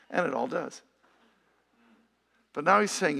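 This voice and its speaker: A man's voice: high-pitched, lively intonation, brisk, creaky, a bit bright. A middle-aged man preaching a sermon in a conversational, emphatic way, full of rhetorical questions. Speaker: pastor.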